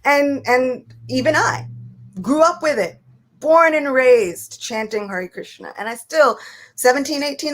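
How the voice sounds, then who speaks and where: A young woman guest in casual spiritual talk, telling a family story with lively acted-out voices. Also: high voice, measured pace. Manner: animated storyteller, acts out quoted voices. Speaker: guest speaker.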